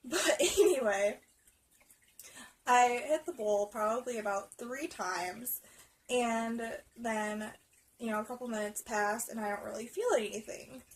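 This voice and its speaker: A woman's voice: on the high side, measured pace, a little hiss or hum, poor audio. A young adult woman telling a rambling storytime vlog story, swearing constantly and laughing as she goes. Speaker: vlogger. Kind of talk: casual storytime.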